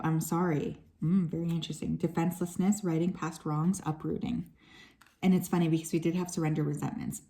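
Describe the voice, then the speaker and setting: A woman doing a tarot card reading for her viewers, talking in a relaxed, chatty way with plenty of "um"s and asides. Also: deep voice. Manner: relaxed and chatty, with frequent fillers and soft asides. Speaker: tarot reader.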